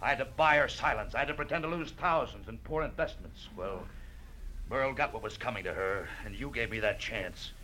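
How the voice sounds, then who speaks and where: An actor playing a scheming villain in a 1940s radio drama, sneering and clipped. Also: male voice, medium pitch, brisk, sharp tone, lightly acted, poor audio. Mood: sneering, menacing. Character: smooth, scheming villainous man posing as a lord. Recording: old radio broadcast with faint hiss.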